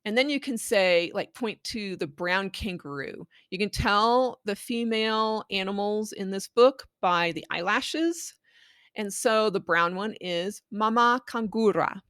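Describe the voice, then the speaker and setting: A woman calmly walks parents through how to read a picture book with their child, speaking at an unhurried, deliberate pace. Her voice sits in a middle register and sounds close and dry, with no room around it. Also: mid-range voice, smooth, no echo. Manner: patient, explaining, models read-aloud phrases. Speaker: children's language book presenter. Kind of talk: instructional tips for reading aloud.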